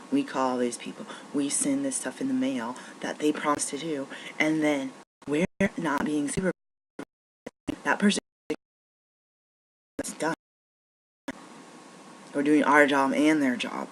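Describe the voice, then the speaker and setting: A woman's voice: very deep voice, fairly even intonation, moderate pace, a little hiss or hum, poor audio. Frustrated woman venting. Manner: frustrated, rambling, many restarts. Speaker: naturopathic doctor. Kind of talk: venting monologue.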